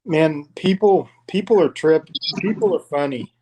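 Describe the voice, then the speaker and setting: A man's voice: a little high, measured pace, background noise. A laid-back man chatting casually, slangy and peppering his talk with "man" and "dude". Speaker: co-host of snake live stream. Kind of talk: casual chat.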